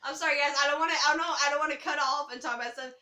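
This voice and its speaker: A woman hosting a casual movie chat, excitable and quick to laugh, with a habit of swearing. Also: high voice. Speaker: channel host. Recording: echoey room.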